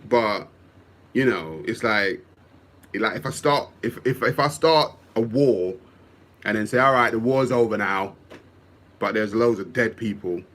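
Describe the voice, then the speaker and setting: A man's voice: fairly low pitch, expressive, measured pace, fairly bright tone. A man, hosting a livestream and reading viewer comments aloud in a casual, musing way, often repeating himself.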